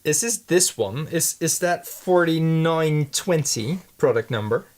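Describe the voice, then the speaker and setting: A man's voice: on the high side, lively intonation, unhurried, a little mellow. A man who makes his own paints, chatting casually in his studio while thinking aloud, hesitant and rambling with many restarts. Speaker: handmade paint maker.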